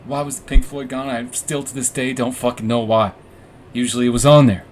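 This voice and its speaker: Talking fairly quickly in a steady, medium-pitched voice, a young podcast host spins out a long personal story under warm orange lighting. He mocks himself, swears, rambles, and keeps restarting and filling pauses.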